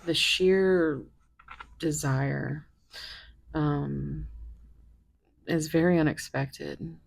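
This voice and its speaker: A woman's voice: sits low, steady tone, extremely slow, creaky. A woman doing a tarot reading, musing and thinking aloud with frequent fillers. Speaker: tarot reader.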